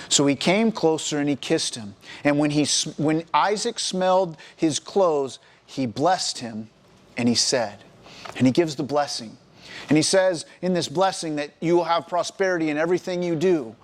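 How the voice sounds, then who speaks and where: A man preaching a sermon to a college ministry, retelling a scripture story in an animated, storytelling way. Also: a little high. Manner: animated storytelling, acting out the characters.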